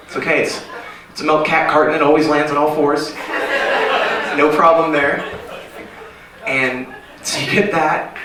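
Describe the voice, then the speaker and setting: On a small club stage at an open mic, a stand-up comedian with a voice on the high side performs a rambling, self-deprecating set, jumping into silly voices. The recording is noisy and echoey, with the mic far away.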